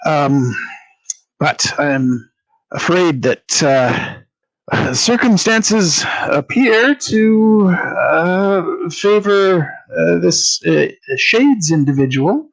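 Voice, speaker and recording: A man's voice: a little high, lively intonation, very slow, creaky, pitched above the performer's own voice, exaggerated voice, low-quality recording. A man voicing a pompous, courteous male traveler who speaks in a flowery, hesitant way. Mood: sympathetic. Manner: flowery, over-polite, hesitant.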